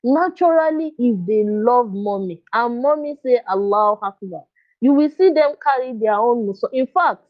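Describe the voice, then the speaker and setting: A woman's voice: fairly high pitch, moderate pace, hardly any pauses. A woman coaching parents in a live online workshop, speaking earnestly and coaxingly and checking often that listeners follow her. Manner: earnest, coaxing, often asks "you understand?". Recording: dull lo-fi dry sound.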